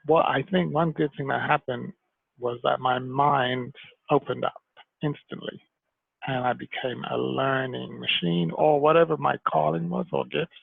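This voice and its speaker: Man from Jamaica, interview guest, animated storyteller, very gravelly voice, dry tinny phone-like sound. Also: mid-range voice, no echo.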